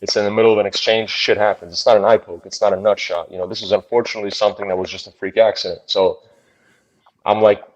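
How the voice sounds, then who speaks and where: A man, a bare knuckle fighter, telling a fight story in an interview in a blunt, profane, animated way. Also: lowish voice, fast, lo-fi sound.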